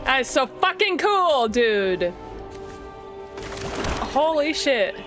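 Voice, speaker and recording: A woman streaming a card game, chatting casually, excitable and swearing freely as she thinks aloud. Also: high voice, slow pace, over music. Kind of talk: casual gameplay chat.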